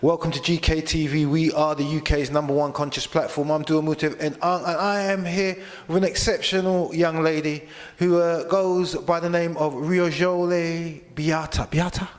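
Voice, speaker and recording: Man, interviewer, lively, emphatic, somewhat high voice, echo trailing in hall. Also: normal speed, few pauses. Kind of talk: event interview for online channel.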